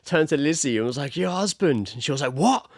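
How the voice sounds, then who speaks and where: A man's voice: fairly high pitch, animated, fast, no room sound, clean studio sound. A young man telling a story on a podcast, laughing and swearing. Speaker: podcast co-host. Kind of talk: casual chat, storytelling.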